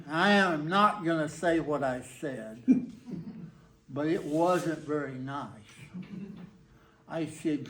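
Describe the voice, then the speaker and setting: An older man with a Texan accent, telling a folksy story to a live audience in a laid-back, whimsical way. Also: a little high. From Texas. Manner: laid-back, folksy, acts out quoted dialogue. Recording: roomy hall echo.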